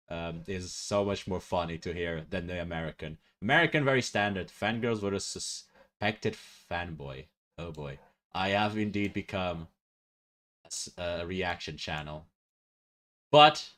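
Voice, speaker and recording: Man, low voice, casual stream chat, rambling, laughs a lot. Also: fairly bright tone. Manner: chatty, laughs often, rambling. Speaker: VTuber streamer.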